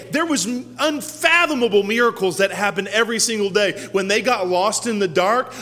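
A man giving a sermon as a pastor, his voice climbing to high, loud peaks and then dropping low and quiet, acting out the quoted speech of the story's characters. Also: long reverb tail.

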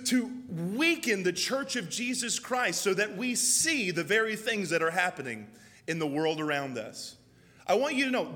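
A man's voice: sits high, fairly bright tone, long reverb tail. A male pastor preaching a sermon with emphatic, repeated phrases. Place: church.

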